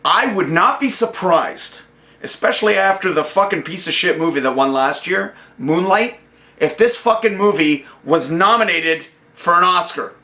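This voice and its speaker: A man hosts a solo movie review and rants with heat, swearing freely and stopping to restart his sentences. His voice is bright and sharp and sits a little high for a man. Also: expressive, moderate pace. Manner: profane, heated rant with frequent restarts. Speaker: host.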